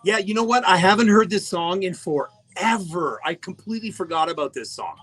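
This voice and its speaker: A man's voice: high-pitched, expressive, moderate pace, a bit bright, husky. A man hosting a live radio show in casual, jokey chat, greeting listeners by name. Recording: faint music behind the voice.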